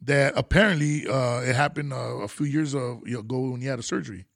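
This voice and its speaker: A man's voice: medium pitch, a little fast, gravelly, fairly bright tone, no echo, studio quality. A man co-hosting a comedy podcast in casual chat, laid-back and profane, dropping slang. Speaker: podcast co-host.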